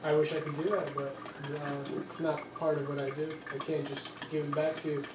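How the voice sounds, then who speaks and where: A young man playing a therapist in an amateur short film. He talks haltingly, with many ums and uhs. The mic is far off, and the room is echoey and noisy. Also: a little high, level tone.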